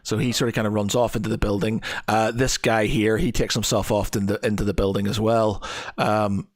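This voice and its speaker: A man's voice: fairly low pitch, level tone, a little fast, dry recording. Dry-sounding man running a tabletop game. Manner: rambling, hesitant, laughs often, acts out quoted voices. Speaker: dungeon master.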